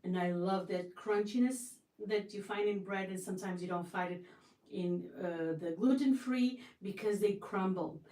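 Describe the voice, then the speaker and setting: Chatting effusively from her home kitchen, a woman hosts a casual livestream, frequently starting her sentences over. She has a warm, mid-range voice at a normal speed, captured with roomy, distant sound.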